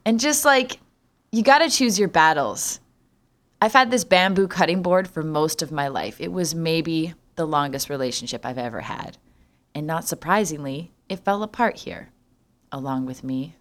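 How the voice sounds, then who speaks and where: A woman's voice: low-pitched, lively intonation, moderate pace. A young adult woman from Canada hosting a solo podcast, talking in a sarcastic, jokey way and swearing freely. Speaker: podcast host.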